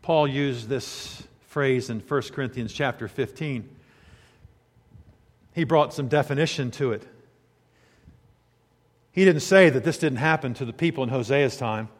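A male pastor delivering a sermon, moving between soft, intimate storytelling and loud, fervent preaching. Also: medium pitch, unhurried, pauses often, in a large hall.

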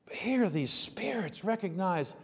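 A man's voice: high-pitched, lively intonation, unhurried, breathy edge, long reverb tail. A man preaching a sermon in a conversational way, asking many rhetorical questions and building to emphatic bursts. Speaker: pastor.

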